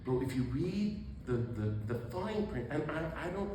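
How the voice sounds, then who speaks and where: An exuberant man speaks as a priest to a gathered audience, his pitch leaping up and down as he talks. The recording is very echoey, with a faint hum of background noise under his voice. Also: very animated, recorded from a distance. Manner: exuberant, quick asides, laughs at himself. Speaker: priest giving a book talk. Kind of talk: animated public talk. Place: event hall.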